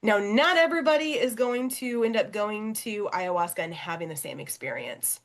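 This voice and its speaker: Animated woman telling a personal story. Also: medium pitch, moderate pace. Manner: animated and expressive, acting out quoted voices. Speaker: podcast guest, fitness and life coach. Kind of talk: personal storytelling in a podcast interview.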